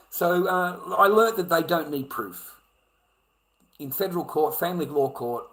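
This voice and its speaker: Australian man, profane repetitive livestream rant, slightly high voice. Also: low-quality recording. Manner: swearing, repetitive, swings from muttering to shouting. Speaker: livestream ranter.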